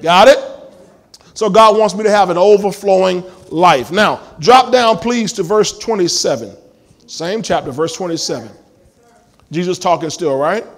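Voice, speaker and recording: A man's voice: sits high, normal speed. A male pastor preaching a sermon in a church, emphatic and full of call-and-response questions to the congregation.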